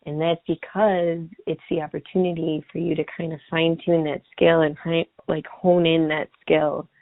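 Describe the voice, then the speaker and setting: Deep-voiced and level in tone, this woman speaks at a moderate pace with no echo, though the line sounds tinny and phone-like. She's a podcast guest in casual chat, reflective and rambling, thinking out loud with many "like" fillers.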